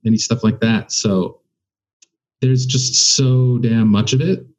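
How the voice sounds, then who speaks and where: A man's voice: medium pitch, fairly even intonation, slow pace, a little mellow, muffled recording. A man who does stand-up comedy, talking as a guest in a casual conversation and thinking aloud with many restarts.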